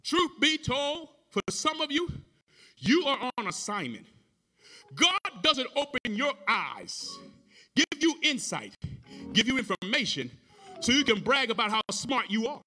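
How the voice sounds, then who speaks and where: A male pastor with a very high, bright and sharp voice preaches a sermon with driving rhythm. He repeats his phrases, stretches key words out slowly, and calls back to the congregation as he goes. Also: big pitch swings, faint music behind. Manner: preaching with call-and-response to the congregation.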